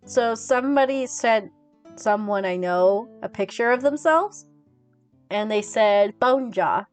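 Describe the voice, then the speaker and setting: A woman's voice: medium pitch, measured pace, clear, resonant tone, faint music behind. A young woman streaming from home, chatting casually with her viewers and giggling constantly.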